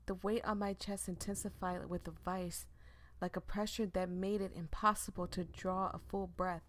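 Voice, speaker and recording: A woman gaming streamer reading a visual novel aloud and commenting, emotive and immersed, with nervous laughs and rushed asides. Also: mid-range voice, level tone.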